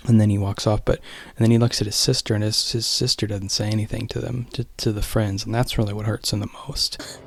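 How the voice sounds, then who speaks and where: A man's voice: fairly low pitch, level tone, fairly quick, gravelly. A young man casually rambling through a movie recap, restarting often and sometimes dropping to a whisper. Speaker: vlogger.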